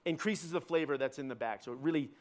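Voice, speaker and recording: Joking chef, somewhat high voice, live demo. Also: male voice, fast talker. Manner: joking, self-deprecating, filler-heavy with "like" and "right?". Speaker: celebrity chef giving a cooking demo. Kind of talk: live cooking demo with stand-up banter. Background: live audience.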